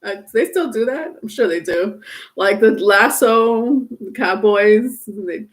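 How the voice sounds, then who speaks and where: A woman's voice: mid-range voice, a little slow. A woman giving a casual live tarot reading, talking chattily and teasing her viewers, breaking into laughter often. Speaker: tarot reader.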